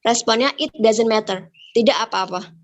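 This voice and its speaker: A woman's voice: a little high, a little fast, muffled recording. A young woman with an Indonesian accent giving a student presentation, hesitant and full of fillers, switching between English and Indonesian. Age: young adult. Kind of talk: classroom presentation.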